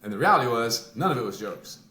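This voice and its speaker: A man's voice: mid-range voice, fast, echoey room. A middle-aged man, a podcast guest, telling a story in casual chat and acting out the people in it. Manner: animated storyteller, lively acting out of others.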